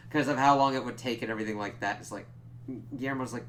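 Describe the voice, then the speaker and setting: A man's voice: mid-range voice, a little fast, fairly bright tone, slight background noise. A young man casually reviewing a TV episode, rambling and swearing freely as he acts out bits of dialogue. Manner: rambling and profane, acts out quoted lines.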